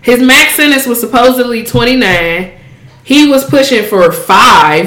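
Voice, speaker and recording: A woman co-hosting a podcast, talking in blunt, animated casual chat with plenty of cursing. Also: fairly high pitch, unhurried. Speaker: podcast co-host. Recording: roomy echo.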